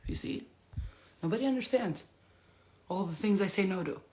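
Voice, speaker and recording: A spiritual vlogger speaks at a moderate pace in a mid-range voice, delivering a casual monologue about spiritual life. She's animated, laughs often, swears freely, and mimics others in put-on voices.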